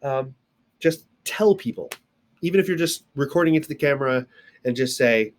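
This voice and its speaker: A sign language teacher records a casual video lesson alone indoors, walking through each step with playful sound effects and asides. His voice is mid-range and he talks at a normal speed.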